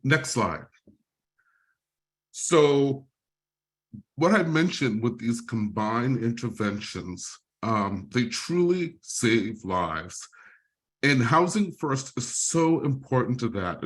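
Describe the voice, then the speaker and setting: A man's voice: medium pitch, expressive, slow pace, fairly bright tone. Middle-aged guy on a video call, choked up, telling his own story, keeps apologizing. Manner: emotional, tearful at moments, apologetic. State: close to tears. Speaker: speaker sharing his recovery story. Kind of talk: presentation with personal testimony.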